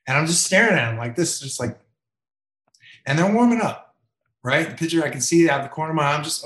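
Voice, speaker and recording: Speaking briskly in a mid-range voice, a longtime MLB umpire shares stories during an interview, animatedly voicing others' quotes in a raised tone. The rough recording has noticeable reverb.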